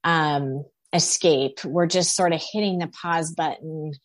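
Guest author, woman with a low voice, speaks slowly and thoughtfully, dry close sound. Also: no room sound. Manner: thoughtful, measured, with fillers. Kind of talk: interview answers.

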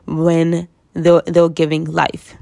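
A woman's voice: deep voice, monotone, slow, creaky, dark tone. A woman from the United States talking casually to camera, rambling through her thoughts with frequent laughs and asides. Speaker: vlogger.

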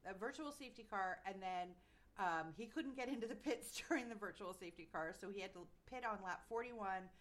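A woman's voice: mid-range voice, fairly quick, fairly bright tone. A woman co-hosting a podcast, recapping events in casual chat with fillers and playful mock quotes. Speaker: podcast co-host.

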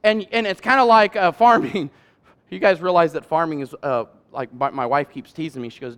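A man preaching a sermon as pastor, talking in a loose conversational way and building to loud, emphatic peaks. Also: on the high side, brisk, clear, resonant tone.

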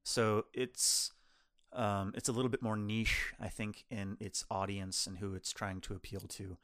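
A man's voice: fairly low pitch, measured pace. A man co-hosting a film review podcast, chatting casually and rambling through anecdotes. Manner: rambling storyteller, lively and chatty. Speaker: podcast co-host reviewing films. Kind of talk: casual chat.

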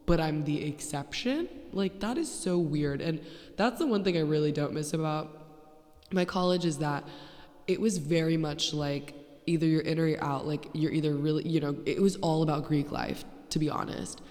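A woman's voice: sits low, moderate pace, darkish tone. A woman in her twenties hosting her podcast, telling stories in a blunt, sarcastic, profane way. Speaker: podcast host. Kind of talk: casual storytelling monologue. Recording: echoey, poorly placed handheld mic.

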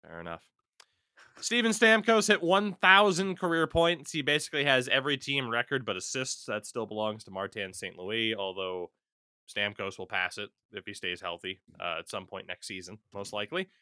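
A man's voice: lowish voice, moderate pace, sharp tone, clean tone, no room sound, studio quality. A man hosting a casual sports chat, reading out hockey news and swearing freely. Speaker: podcast host.

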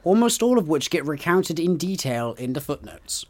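A man talking casually on a book podcast, opinionated and eager. His voice sits a little higher than most men's. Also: sing-song, normal speed. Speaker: podcast co-host. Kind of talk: casual chat about a book.

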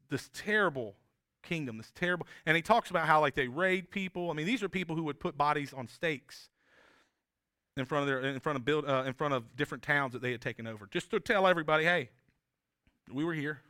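A man's voice: a little high, lively intonation, fairly quick, bright, forceful tone, dry recording, clean studio sound. A man preaching a sermon as pastor, talking in an earnest, conversational way with frequent restarts and tag questions.

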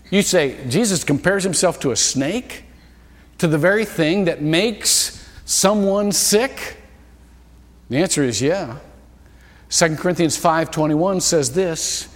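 A man preaching a sermon as pastor, telling the story with lively, acted-out quotes. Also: on the high side. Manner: animated storytelling, acting out quoted voices. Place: church sanctuary. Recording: long hall reverb.

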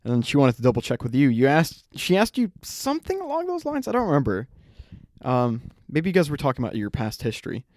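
A man's voice: medium pitch, wildly swooping pitch, fast, darkish tone, dry recording, clean studio sound. A young man co-hosting a podcast who tells a story in a casual, rambling way. He acts out the quotes and laughs often. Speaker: podcast co-host.

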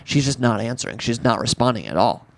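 A man in his twenties, a podcast co-host, telling a story in a casual, animated way, swearing freely and acting out what people said. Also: mid-range voice, fast talker, creaky. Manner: animated, swearing, acts out quotes.

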